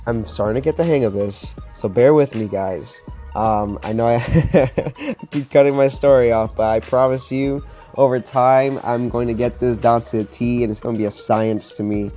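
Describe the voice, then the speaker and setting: A young man telling a personal story in a chatty, excitable way to camera, with lots of fillers. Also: mid-range voice. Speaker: vlogger.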